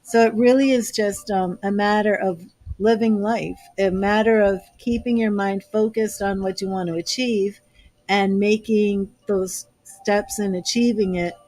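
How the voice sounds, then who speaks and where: A woman's voice: mid-range voice, steady tone, a little slow, darkish tone, no room sound. Earnest woman reading tarot cards. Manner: earnest, gushing, emotional. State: teary-eyed. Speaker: tarot reader.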